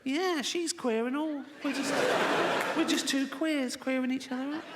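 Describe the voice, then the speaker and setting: A comedian voicing a boastful straight man who craves attention, in a squeaky, giddy voice. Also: normal speed, roomy sound. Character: attention-seeking straight man bragging he's queer. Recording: noisy live venue.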